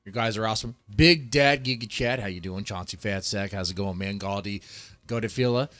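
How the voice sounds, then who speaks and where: On a live stream, a man with a lowish, brisk, fairly bright voice reacts to a video over faint background music. He greets the chatters and rants with heavy swearing, keeping the casual commentary profane and mocking.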